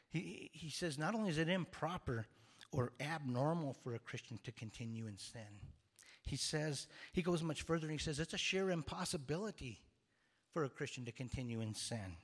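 A man preaching an earnest expository sermon, now and then repeating words as he restarts a phrase. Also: medium pitch. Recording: long hall reverb.

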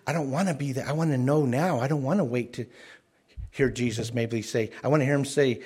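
Pastor, male, husky mid-range voice, earnest sermon delivery with stammered repeats. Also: medium pitch, fairly quick, darkish tone. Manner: earnest, repeats words when stressing a point.

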